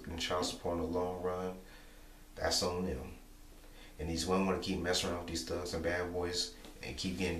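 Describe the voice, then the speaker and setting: A young man talking casually to camera, repeating himself and filling pauses with "you know". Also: deep voice, a bit bright. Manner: repetitive, rambling, many "you know" fillers. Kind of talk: casual monologue vlog. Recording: echoey room, distant mic, faint hum.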